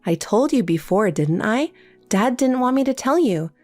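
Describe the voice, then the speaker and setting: A synthetic woman's voice playing a calm, cold younger sister in a text story, with faint music behind. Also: on the high side, moderate pace, no room sound. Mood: cool. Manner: cold, matter-of-fact.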